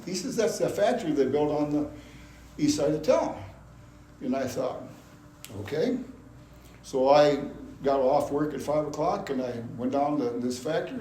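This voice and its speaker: A man's voice: fairly high pitch, mellow. Folksy man telling his story in a roomy hall. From Iowa, USA. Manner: folksy storytelling, acts out quoted dialogue. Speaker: church member giving testimony. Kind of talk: personal testimony. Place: church hall. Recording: roomy hall with faint hum.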